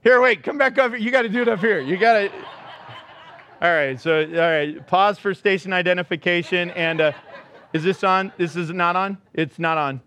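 A man preaching a sermon in a church, animated and joking, acting out the people he describes. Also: sits high, moderate pace, a little hiss or hum. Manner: animated, acts out quotes, joking. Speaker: pastor.

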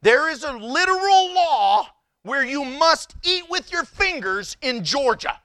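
High, bright, laughing male preacher. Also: unhurried, dry recording. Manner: animated storytelling with frequent laughter; incredulous, exclamatory. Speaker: pastor. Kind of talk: humorous sermon.

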